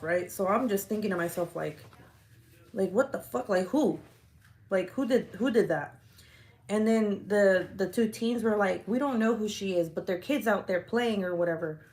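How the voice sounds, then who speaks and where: A young adult woman vlogger telling a heated neighborhood story in a casual, profane way, full of "like" fillers. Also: medium pitch.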